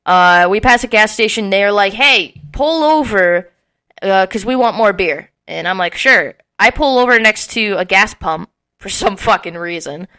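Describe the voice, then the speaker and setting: A young woman in her twenties tells a rowdy story on a casual podcast. Her voice is bright and clear, and she acts out what people said with a lot of swearing. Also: medium pitch, moderate pace. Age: early 20s. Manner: animated, swearing often, acting out quotes with laughs. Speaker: podcast co-host.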